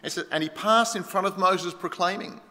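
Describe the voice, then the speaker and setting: A middle-aged Australian man preaches in a bright, high voice. He hits key words hard, then drops to a near hush. His voice rings through a church hall with a long reverb. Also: a little fast. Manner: emphatic preaching, swinging between loud stresses and hushed lines. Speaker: pastor. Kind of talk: sermon.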